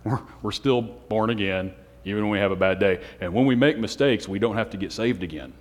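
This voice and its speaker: Man, preacher, casual sermon, conversational, slightly low voice, reverberant hall. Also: a little fast. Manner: conversational, asks the room questions, chuckles. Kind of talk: sermon to a small group.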